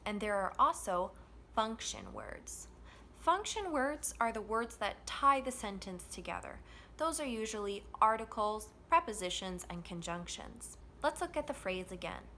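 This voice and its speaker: A woman teaching an English pronunciation lesson, modeling stress and rhythm with slow, deliberate phrasing. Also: mid-range voice, big pitch swings, pushed and bright, slight background noise.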